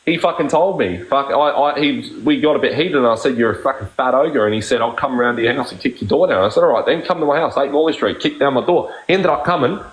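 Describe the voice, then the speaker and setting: A man's voice: medium pitch, fast talker, hardly any pauses, echoey room, low-quality recording. A man hosting a live stream, talking bluntly, swearing constantly and repeating himself. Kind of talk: heated casual chat.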